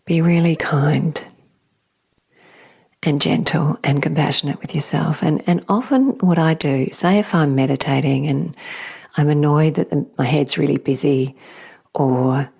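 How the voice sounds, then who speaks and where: A woman hosting a spiritual podcast, speaking softly and slowly in a whispery, reflective way. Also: sits low, creaky, breathy edge. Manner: soft, slow, often whispery and emotional. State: tearful at times. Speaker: podcast host.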